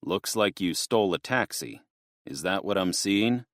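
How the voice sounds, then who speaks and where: A man doing a blunt, gruff cop. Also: low voice, animated, measured pace, fairly bright tone, no echo, clean studio sound. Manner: blunt, matter-of-fact. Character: large gruff middle-aged police officer.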